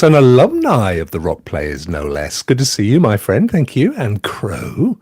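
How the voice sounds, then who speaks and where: Male host, chatty and jokey, bouncy high voice, dry close sound. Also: wildly swooping pitch, measured pace, few pauses, a little mellow, husky, dry recording. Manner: jokey, chatty, thanks viewers by name. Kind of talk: casual livestream chat.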